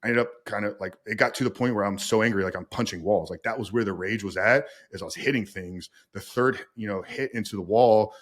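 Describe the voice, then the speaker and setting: A man's voice: on the low side, fairly quick, few pauses. A man, a recovery coach, candidly telling a personal story as a podcast guest, earnest and often addressing the listener as "man". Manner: earnest, says "man" often, repeats words when starting thoughts.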